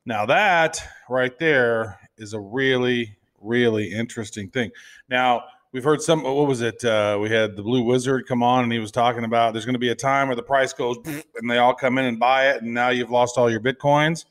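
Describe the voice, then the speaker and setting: A man's voice: medium pitch, moderate pace, a bit bright. A man co-hosting a crypto show, chatting casually in a rambling, playful way. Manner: rambling, full of fillers and restarts, playful. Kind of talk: casual chat.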